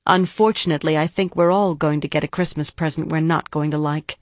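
A woman reading the lines of a cautious female prosecutor in an audiobook, deliberate and precise. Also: low voice, fairly even intonation, dry recording, natural voice. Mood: cautioning. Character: guarded, measured female prosecutor, middle-aged.

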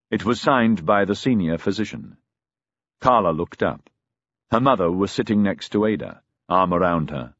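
A man's voice: deep voice, no room sound, clean studio sound. A man narrating a novel as an audiobook, telling the story expressively.

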